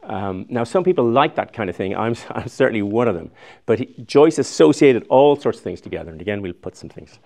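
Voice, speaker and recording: A man's voice: mid-range voice, sing-song, fairly quick, a little mellow. A man in his sixties giving a chatty, digressive public lecture, often restarting his sentences. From Ireland. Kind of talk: recorded public lecture with slides.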